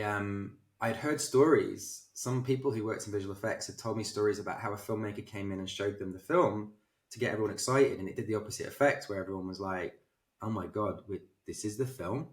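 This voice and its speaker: A film director, a man, telling anecdotes in an animated, self-deprecating way as an interview guest. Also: on the low side, brisk, recorded from a distance. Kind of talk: casual interview storytelling. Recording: roomy echo.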